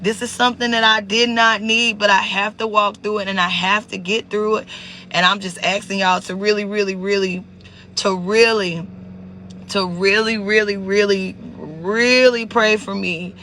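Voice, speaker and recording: A man's voice: sits high, steady tone, normal speed, bright, forceful tone, a little hiss or hum. A man hosting a live stream, talking casually and emotionally to his viewers, greeting them by name and repeating words as he searches for what to say.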